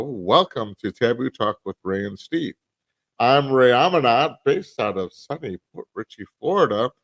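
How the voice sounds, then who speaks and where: Gravelly guy cohosting a podcast, dry mic, kinda jokey, lots of restarts. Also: medium pitch, no room sound. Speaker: podcast co-host. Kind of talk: casual chat.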